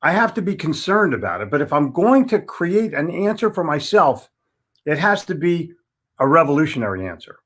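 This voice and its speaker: A man's voice: on the high side, sing-song, moderate pace, a bit bright, husky. A man in his seventies from Philadelphia, a sales trainer giving a folksy, blunt motivational talk and hammering points home by repeating words. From Philadelphia, United States. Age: 70s.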